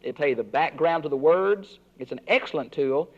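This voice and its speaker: A man's voice: expressive, normal speed, darkish tone. Older man teaching Bible lessons. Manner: earnest teaching, swinging pitch for emphasis. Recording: dull lo-fi recording.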